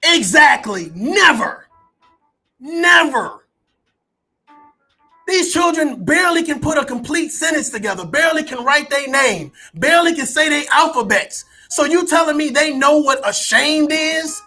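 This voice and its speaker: A man who is a parent, ranting as an online commentator to his audience, profane and incredulous, with bursts of shouting. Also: extremely high pitch, expressive, a little slow. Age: adult parent. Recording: faint background music.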